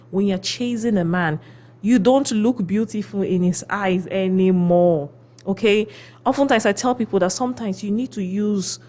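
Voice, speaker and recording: A woman on a radio show giving relationship advice. She tells stories with lively acted quotes and often checks in with "okay?". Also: mid-range voice. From Philippines. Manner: animated storyteller, acts out quotes.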